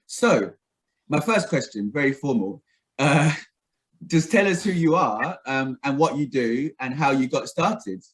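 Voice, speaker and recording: A man hosts a casual conversation over a video call. He is friendly and a bit rambling, leaning on fillers. His pitch sits in an ordinary middle range. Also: lively intonation, unhurried, poor audio. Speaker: host.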